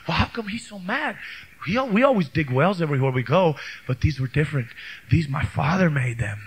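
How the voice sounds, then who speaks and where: A male pastor preaching a bilingual sermon, switching between English and Spanish and building to shouted praise, on an old cassette tape recording. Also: on the high side, lively intonation, fast, slightly rough. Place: church youth camp service.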